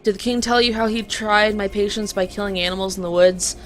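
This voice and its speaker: A woman voicing an ancient forest spirit in a game, speaking in an even, solemn, reproachful way. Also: mid-range voice, fairly quick, pitched above the performer's own voice, close to an everyday voice. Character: ancient genderless forest spirit, calm and ominous.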